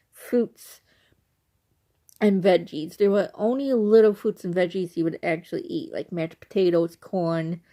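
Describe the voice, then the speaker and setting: A woman's voice: mid-range voice, darkish tone. A woman vlogger talking casually to her camera, rambling, with many restarts and asides. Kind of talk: casual reminiscing monologue.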